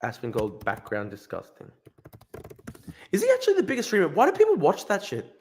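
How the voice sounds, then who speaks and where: Swearing man, lively pitch. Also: fairly quick, a little hiss or hum. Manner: profane, incredulous, repeats himself. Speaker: streamer host. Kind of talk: casual livestream rant.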